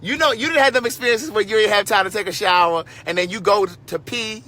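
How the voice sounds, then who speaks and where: Sassy, bright-voiced man in his forties. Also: sits high, a little fast. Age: 40s. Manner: animated, sassy, with frequent asides to viewers. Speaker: host telling a story to viewers. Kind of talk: casual storytelling livestream.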